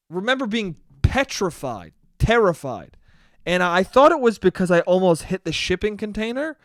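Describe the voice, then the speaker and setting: A man's voice: high-pitched, no room sound, clean studio sound. A young man hosting a solo podcast, telling a rambling, profane, self-mocking story. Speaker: podcast host. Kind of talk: casual solo podcast monologue.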